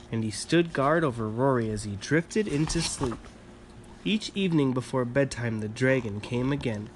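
A man reads a picture book aloud to a young child in a calm, even voice of middling pitch. He stops now and then to ask the child questions about the story, and a faint hiss of noise sits underneath. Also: moderate pace. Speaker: reader reading to a child. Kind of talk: bedtime story read-aloud.

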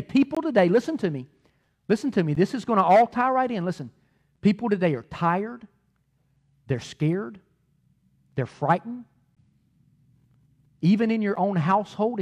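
Brief: male pastor, middle-aged, preaching with a high, very lively voice that swings loud and soft. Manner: animated, repeats words, swings loud and soft. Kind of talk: sermon.

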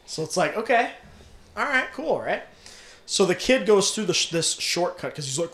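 Talking at a moderate pace in a high-sitting voice, a young man casually retells a film's plot with plenty of profanity and frequent laughter. The animated recap carries a roomy echo and slight background noise.

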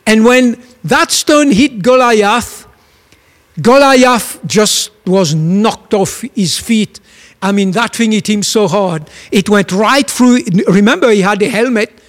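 A man's voice: high voice, in a large hall. A man preaching a sermon, telling a story emphatically and asking his listeners questions.

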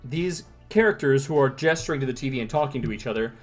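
A man's voice: mid-range voice, expressive, fast, faint music behind. A man co-hosting a casual comic book review podcast, rambling and joking. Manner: rambling, joking, laughs often. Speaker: podcast co-host.

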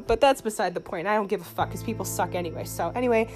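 A young woman hosting a solo podcast into her phone, rambling, profane and sarcastic, with sudden jumps in pitch. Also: fast talker, few pauses, a little mellow, faint music behind. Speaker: podcast host.

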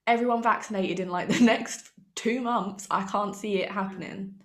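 A woman's voice: medium pitch, fairly even intonation, moderate pace, a bit bright, slight background noise. A young British woman co-hosting a podcast, talking frankly with wry asides. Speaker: podcast co-host. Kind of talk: casual chat.

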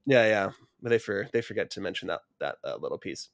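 A man's voice: low voice, lively intonation, quick pace, gravelly, no room sound. Man co-host, casual profane film recap, laughs a lot, dry close sound. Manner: profane, laughing, acts out scenes. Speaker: podcast co-host.

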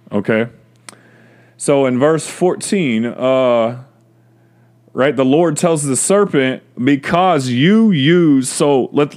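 A man's voice: medium pitch, a little mellow. Man giving a casual bible talk. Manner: conversational, stresses key words, reads scripture aloud. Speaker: bible teacher. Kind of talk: podcast bible teaching.

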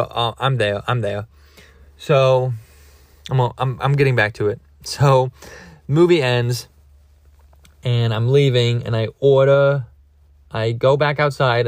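A man's voice: medium pitch, dry recording, studio quality. A young man hosting a podcast, telling a meandering comic story with lots of restarts and jokes at his own expense. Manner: meandering, self-mocking, full of restarts. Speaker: podcast host. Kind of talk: rambling comedic storytelling.

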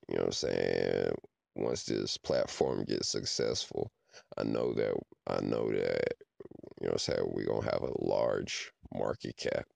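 Rumbling low and a little mellow, with vocal fry and no echo, a man rambles casually through a podcast monologue as host. He keeps checking in with listeners by asking "you know what I'm saying."

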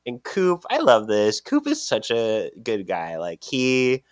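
Male co-host, playful and animated, dry close-miked sound. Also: medium pitch, clean tone, no room sound. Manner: playful and expressive, quick to laugh. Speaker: podcast co-host. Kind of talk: casual comic book recap chat.

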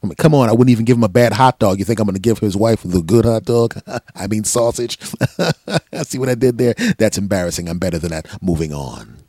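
Low-voiced, sarcastic male podcast host. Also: expressive, a little fast, warm tone, dry recording, studio quality. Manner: profane, sarcastic rambling storyteller. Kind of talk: comedic solo monologue.

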